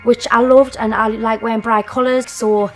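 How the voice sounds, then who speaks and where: Teen girl, documentary interviewee, chatty, candid, voice a bit high. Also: steady tone, normal speed, faint music behind. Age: teens.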